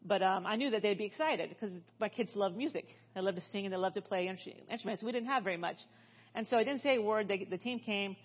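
A middle-aged woman preaching in church, telling stories in a loose, chatty way with frequent restarts. Her voice sits at a middling pitch, and the recording sounds a little dull. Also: fast. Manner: chatty, with many restarts and fillers. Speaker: guest speaker. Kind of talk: storytelling sermon.

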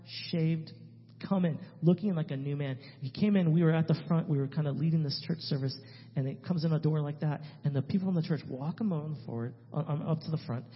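A man, a missionary speaking to a church, telling a story in an emphatic way that swings between loud and hushed. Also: fairly high pitch. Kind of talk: animated testimony storytelling. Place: church sanctuary. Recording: reverberant hall, dull lo-fi sound.

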